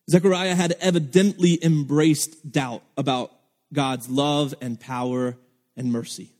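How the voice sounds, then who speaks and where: A man's voice: on the high side, a little mellow, big-room sound. A man preaching a sermon as pastor, earnest and emphatic, acting out the lines of the people he quotes.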